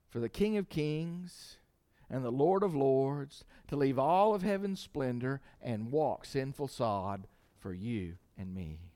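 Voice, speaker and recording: A man, preaching a sermon and swinging from quiet, low lines to shouted ones. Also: animated, slow pace. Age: 50s. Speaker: pastor.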